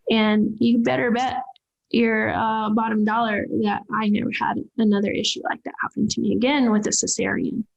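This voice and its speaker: Woman vet guest talking candid, emotional, keeps restarting, highish voice. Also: gravelly, low-quality recording. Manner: earnest, emotional, frequent restarts. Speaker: veterinarian guest. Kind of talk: candid interview storytelling.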